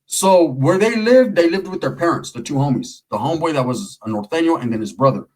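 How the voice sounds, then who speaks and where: Middle-aged Californian man, streetwise storyteller, husky and slightly high. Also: brisk, low-quality recording. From Merced area, California. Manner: streetwise slang, profane, animated. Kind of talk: casual storytelling.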